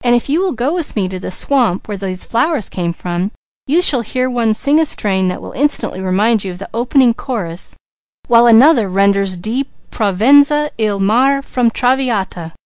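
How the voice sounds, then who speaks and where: A woman's voice: a little high, animated, normal speed, clean tone, dry recording, natural voice. A woman reading the lines of an eager young woman in an audiobook, in an earnest voice. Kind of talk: audiobook character voice.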